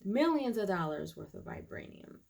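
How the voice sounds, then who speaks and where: A woman's voice: medium pitch, huge pitch swings, normal speed, creaky, a little mellow. A woman reviewing a TV episode, recapping it in a chatty way with lots of fillers and restarts. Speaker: YouTube TV reviewer.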